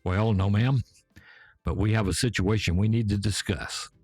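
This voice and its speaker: A man's voice: on the low side, normal speed, no room sound, soft background music. An old Southern man as a patient small-town cop. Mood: calm. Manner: calm, courteous and steady. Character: patient small-town male police officer.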